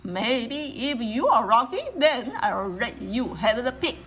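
Woman doing a deep booming greedy bear. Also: expressive, slow, fairly bright tone, breathy edge, heavily acted. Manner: bossy, selfish. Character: big hungry greedy male bear.

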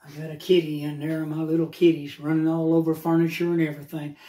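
An older man with a drawl speaks straight to camera in a home vlog, venting about politics. His voice sits fairly high for a man. He talks plainly and heatedly, hammering the same words again and again. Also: flat delivery, quick pace, mellow, roomy sound. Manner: heated, repetitive and plain-spoken. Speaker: vlogger. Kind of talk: casual political rant to camera.

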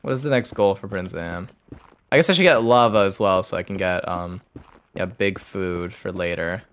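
A man's voice: low voice, normal speed, fairly bright tone, clear, resonant tone. A young man streaming a game, muttering a loose running commentary to himself as he plays. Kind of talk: live gameplay commentary.

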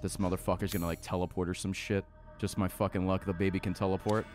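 Playing a horror game, a male streamer with a low voice talks fast and in a level tone, swearing and jumping between comments and yelping when startled. The game's music and sounds play in the background.

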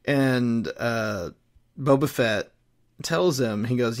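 A man's voice: mid-range voice, slow pace. A man casually retelling a comic book storyline, rambling with plenty of fillers and restarts. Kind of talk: casual chat.

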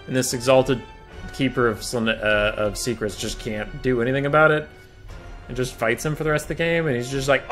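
Brief: male game commentator, bright voice, relaxed and rambling tone, faint background music. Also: mid-range voice, brisk. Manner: rambling, amused, easygoing.

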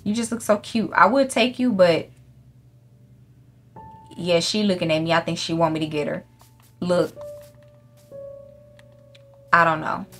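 A woman's voice: on the low side, fairly even intonation, unhurried, pauses often, fairly bright tone, soft background music. A young woman giving casual gameplay commentary, brash and profane, scolding the animals in her game. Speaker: gaming YouTuber.

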